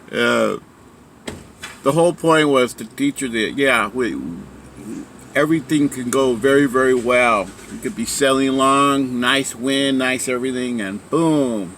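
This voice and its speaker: A man's voice: medium pitch, a little slow, long pauses, a bit bright, slight background noise. A man casually telling a story about a sailing trip, rambling with many fillers and restarts. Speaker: speaker sharing a story.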